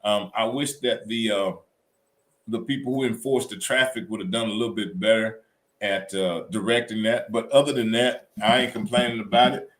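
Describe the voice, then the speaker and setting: A man co-hosting a casual chat show, telling weekend stories in an animated, colloquial way. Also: lowish voice, normal speed. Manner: animated storytelling, Southern colloquial. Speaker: co-host.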